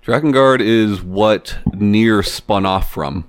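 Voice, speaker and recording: A man hosting a podcast in a relaxed, joking way, his low voice recorded close and dry with no room sound. He keeps the talk moving. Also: takes it slowly, smooth, no room sound. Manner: joking, laid-back, leads the round. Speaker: podcast host. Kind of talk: casual chat.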